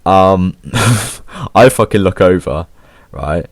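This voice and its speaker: A teenage lad with an English accent tells a school story in a loose, slang-heavy ramble, swearing freely. His voice sits low. The recording is very dry, with no room sound. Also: takes it slowly, no echo. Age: teens. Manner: slangy, swears a lot, laid-back. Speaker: vlogger. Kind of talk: casual storytelling.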